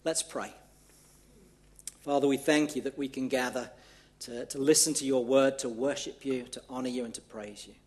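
A male minister with a Merseyside twang delivers a sermon in a church. His voice is husky and slightly breathy, sitting at an ordinary mid pitch, and his delivery is relaxed and conversational. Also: normal speed. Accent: northwest English, Merseyside. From northwest England, near Liverpool.

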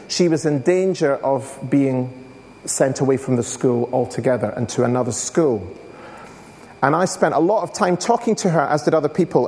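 A man's voice: on the high side, a little mellow. Man, assembly speaker, storytelling style, reverberant hall. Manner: storytelling, addresses audience with questions. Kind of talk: school assembly talk.

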